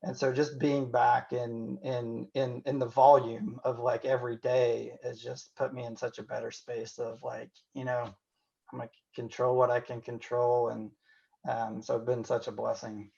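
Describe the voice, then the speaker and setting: A man from Indiana talks through an interview in a reflective, candid way, often pausing on "you know" and starting sentences over. His voice has a gravelly edge, and the audio is dull and lo-fi. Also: mid-range voice, flat delivery, warm tone. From Indiana, USA. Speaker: physician and podcast guest.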